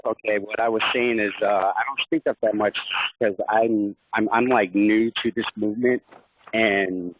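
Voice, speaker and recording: Man caller, husky and low, hesitant with lots of fillers, dull muffled audio. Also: fairly even intonation, moderate pace, dry recording. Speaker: caller on a group call. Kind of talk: casual chat. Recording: dry, muffled online call audio.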